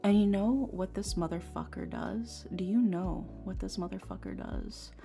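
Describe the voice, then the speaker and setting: A woman's voice: mid-range voice, normal speed, vocal fry, mellow. A young woman streamer chatting casually, talking frankly and swearing as she vents about a painful personal story. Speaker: tarot streamer. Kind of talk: casual chat. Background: faint lofi music.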